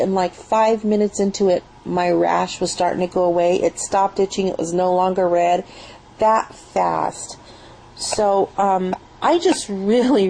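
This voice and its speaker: A woman's voice: mid-range voice, dark tone, a little hiss or hum, poor audio. A young woman chatting enthusiastically at home in a rambling product review, recorded on a built-in webcam mic. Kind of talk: casual spoken product review.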